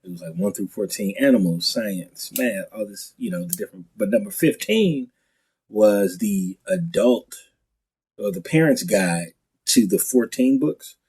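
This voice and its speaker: A man's voice: fairly low pitch, breathy edge, rough recording. A man, a guest comedian, talking casually on a podcast, telling stories with lots of restarts and acted-out quotes. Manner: animated storyteller, quick restarts, acts out quotes.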